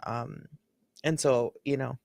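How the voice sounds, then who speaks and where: A woman's voice: a bass voice, fairly even intonation, takes it slowly, vocal fry, darkish tone, dry recording. A woman hosting a chatty, joking reaction commentary, laughing often. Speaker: host.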